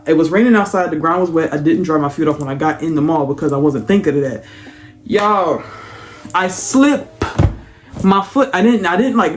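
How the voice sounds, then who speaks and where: A young woman vlogger telling a casual, slangy storytime, acting out what people said. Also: fairly low pitch. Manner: animated, slangy, acts out quotes.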